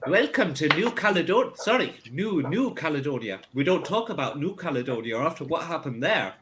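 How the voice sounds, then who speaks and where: A man's voice: a little high, very animated, brisk, background noise. A man voicing a proud, bitter Scottish woman leader in a tabletop game, in a put-on Scottish accent that slips toward Irish, grandly sarcastic. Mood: proud welcome. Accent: attempted Scottish drifting into Irish. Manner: grandly sarcastic, theatrical grievance.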